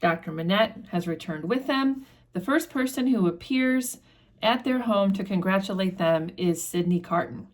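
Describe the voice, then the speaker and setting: A woman hosting a book channel, retelling a classic novel in a relaxed, conversational way with fillers and restarts. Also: medium pitch, normal speed. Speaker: book discussion host. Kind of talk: casual book summary with read quotes.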